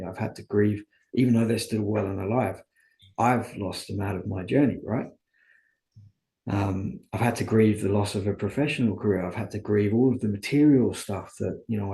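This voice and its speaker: Gravelly low-voiced man in a roomy space. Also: warm tone. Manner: earnest, reflective, often asks and answers his own questions. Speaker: interview guest. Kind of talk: candid conversational storytelling.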